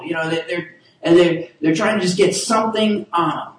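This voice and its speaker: A man preaching a sermon in a casual, halting way with many restarts, leading his listeners in call-and-response. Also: high voice, a bit bright, a little hiss or hum. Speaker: pastor. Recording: echoey hall, voice from far off.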